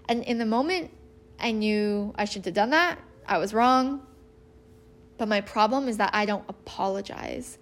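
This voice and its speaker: A woman in her thirties with a slightly high voice tells a personal story in a casual, earnest way. She is animated and acts out the lines she quotes.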